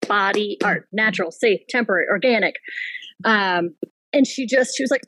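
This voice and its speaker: A woman, a henna artist and business owner, telling a story in casual chat, animated, laughing and swearing freely. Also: a little high, moderate pace, dry recording, low-quality recording. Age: adult with a child.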